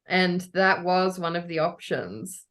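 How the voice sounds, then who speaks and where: A woman's voice: fairly low pitch, expressive, takes it slowly, fairly bright tone. A woman with an Australian accent chatting as a podcast co-host, giggly and playful. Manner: giggly, playful, puts on silly voices. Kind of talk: casual chat.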